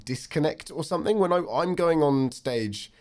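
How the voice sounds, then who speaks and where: A young man in his twenties co-hosting a chat podcast, talking politely and thoughtfully with many pauses and fillers. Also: a little high, a little mellow. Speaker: podcast co-host, stand-up comedian. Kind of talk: casual chat.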